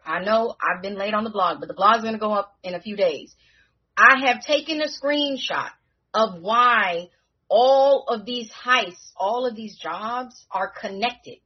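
A woman hosting a casual podcast recap, talking in an animated, slangy way with frequent restarts. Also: medium pitch, slightly rough, muffled recording. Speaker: podcast host recapping a TV episode.

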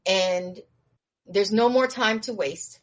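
A woman casually recapping a show's plot as an animated storyteller, with slangy asides to her viewers. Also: mid-range voice, takes it slowly. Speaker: show recap host.

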